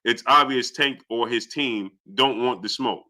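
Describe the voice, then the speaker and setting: Young male boxing streamer, sharp bright tone, heated and combative with chat. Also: a little slow. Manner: heated, argumentative, rising pitch when indignant. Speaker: boxing channel host. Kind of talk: live-stream commentary.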